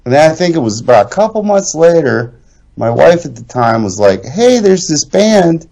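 This is a middle-aged man in casual podcast chat, telling a long story with plenty of swearing. His pitch rises and falls a great deal as he acts out the people he quotes, and his voice sits in the middle range. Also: animated, brisk, creaky, darkish tone, low-quality recording. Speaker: podcast co-host.

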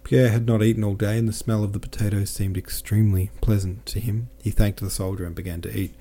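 A man reads a classic novel aloud as an audiobook narrator. His voice is low and mellow, and his delivery is steady and measured. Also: slight background noise. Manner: steady, measured reading with small self-corrections.

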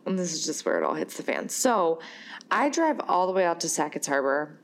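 A woman spins a personal story in a loose, chatty way. Her pitch swings widely as she talks, and she laughs easily between her filler words. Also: big pitch swings, fairly quick. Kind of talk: casual storytelling.

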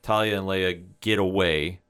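Man, lowish voice, smooth and resonant, podcast co-host, plot recap. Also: steady tone, moderate pace, a bit bright. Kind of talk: casual chat recapping a TV episode.

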